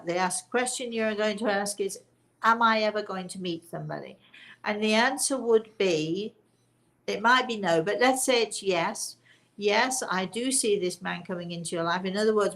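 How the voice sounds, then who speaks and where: An older woman, a spiritual medium, talking in a rambling, chatty way to a live audience, often correcting herself and laughing. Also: mid-range voice. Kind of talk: casual live-stream chat.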